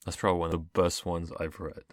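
A man's voice: low voice, level tone, fast, dry recording, studio quality. A man casually commenting between poem readings, joking and swearing, often dropping his voice to a murmur. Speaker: poetry reader.

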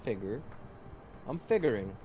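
A man from Brazil chatting casually while gaming with a friend, teasing in a deadpan way. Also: fairly low pitch, measured pace. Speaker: gamer playing with a friend.

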